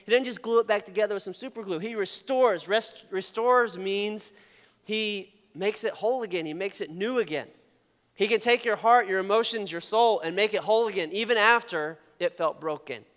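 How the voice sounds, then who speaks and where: A man giving a casual, animated sermon, talking with a conversational tone and frequent "okay?" asides. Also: high voice, big-room sound.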